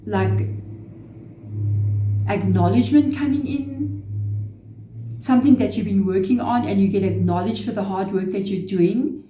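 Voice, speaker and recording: A woman's voice: mid-range voice, steady tone, a little fast, mellow, reverberant. A woman giving a casual tarot reading to camera, chatty and relaying spirit messages. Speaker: tarot reader.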